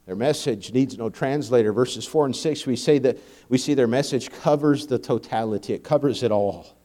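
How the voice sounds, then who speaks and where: A young man preaching a sermon, telling stories with frequent laughs and building to loud, emphatic peaks. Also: mid-range voice, normal speed. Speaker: pastor.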